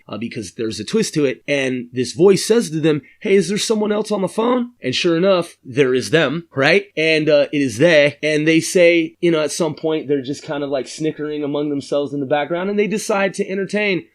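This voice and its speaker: A middle-aged man casually explaining a screenplay in a rambling, profane way, acting out the voices of the characters he describes. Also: on the high side.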